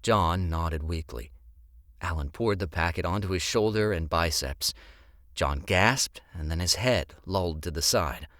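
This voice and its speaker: A man narrating an audiobook in an expressive storytelling manner. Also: low-pitched, a little slow, no echo, studio quality.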